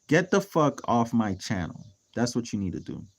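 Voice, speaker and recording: A man's voice: medium pitch, sing-song, moderate pace. A man talking casually on a livestream as a real estate mentor, blunt and heavily profane, flaring into heated rants. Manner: heated ranting in bursts.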